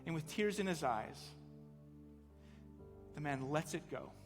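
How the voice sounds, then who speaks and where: A man's voice: on the high side, expressive, a little slow. A male pastor delivers a sermon in a church, his slightly raised voice ringing with the long reverb of a large hall. He tells his story earnestly and pushes into fervent emphasis, while faint music sits underneath.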